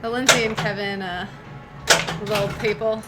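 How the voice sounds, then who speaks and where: A woman's voice: medium pitch, fairly even intonation, moderate pace, very noisy. A woman with a Midwestern accent, co-hosting a pinball stream in rambling casual chat full of fillers. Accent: Midwestern American. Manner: chatty and rambling, with many fillers. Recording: loud music playing behind the voice. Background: loud background music.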